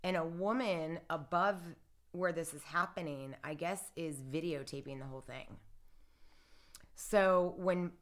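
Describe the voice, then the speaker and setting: A woman's fairly low voice comes through a little slowly as she, an interview guest, tells a personal story in casual talk. Animated and filler-heavy, she acts out other people's lines and keeps saying "like" and "I'm like."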